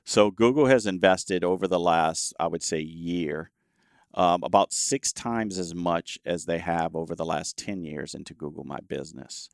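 A deep-voiced man talks in a casual conversation as a confident guest expert. He answers emphatically and often breaks in with quick agreement. The sound is dry and close. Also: creaky, no room sound. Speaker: guest expert on web marketing.

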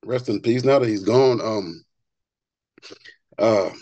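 A man, a barber and author, telling stories as a podcast guest in an earnest, animated way, often repeating words as he gets going. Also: on the low side, slow pace, no room sound, dull audio. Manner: repeats words when excited. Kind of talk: conversational interview storytelling.

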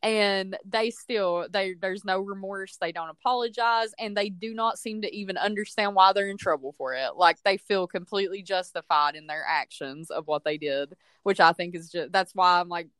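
A woman co-hosting a casual movie review podcast, opinionated and animated, often acting out quotes. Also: mid-range voice, normal speed, hardly any pauses, clear, resonant tone, no room sound, clean studio sound. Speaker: podcast co-host.

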